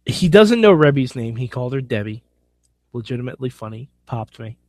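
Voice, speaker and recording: A man's voice: medium pitch, big pitch swings, a little fast, darkish tone, dry recording, studio quality. A man hosting a podcast alone, giving a casual wrestling recap in an opinionated, blunt, sometimes profane way. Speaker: podcast host.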